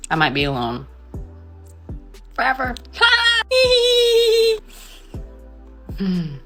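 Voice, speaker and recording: Low, bright-toned woman in her twenties. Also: normal speed, over music. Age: 20s. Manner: reflective, vulnerable, sighing. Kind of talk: confessional video monologue.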